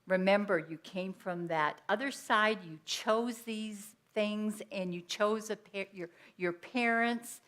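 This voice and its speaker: Bright-voiced woman giving a sermon. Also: medium pitch, takes it slowly, few pauses. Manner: conversational, telling personal stories. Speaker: speaker at a Sunday church service. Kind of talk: inspirational sermon. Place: church sanctuary.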